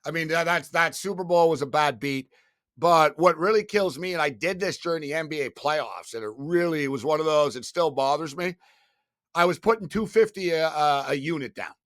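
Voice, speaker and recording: A man guesting on an interview, telling stories in a casual, animated, profane way, swinging between loud and soft. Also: fairly high pitch, normal speed, no room sound, studio quality. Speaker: guest, sports betting media host.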